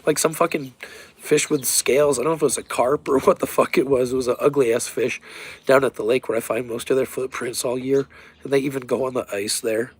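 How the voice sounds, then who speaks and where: A man in casual chat, rambling through stories with lots of swearing and excitable energy. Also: mid-range voice, brisk, breathy edge. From eastern United States. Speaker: livestreamer.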